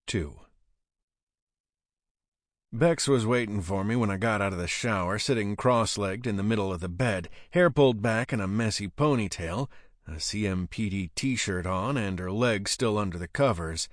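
A man's voice: on the low side, moderate pace, no room sound, studio quality. A man narrating first-person fiction with a wry, gritty delivery. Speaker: audiobook narrator.

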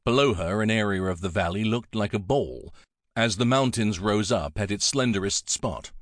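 Brief: male audiobook narrator, low and lively, dry close sound. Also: dry recording. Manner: expressive, measured. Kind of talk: scripted narration.

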